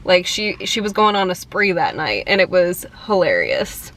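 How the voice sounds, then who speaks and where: A woman's voice: on the low side, sing-song, moderate pace, a bit bright. A young woman chatting casually in a fan vlog, giggly and full of "like" and "um". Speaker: vlogger.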